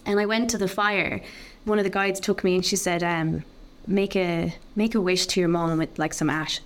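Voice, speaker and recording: A woman, a podcast guest talking candidly and openly about a deeply personal experience, with lots of "like" fillers. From Ireland. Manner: open, heartfelt, full of "like" fillers.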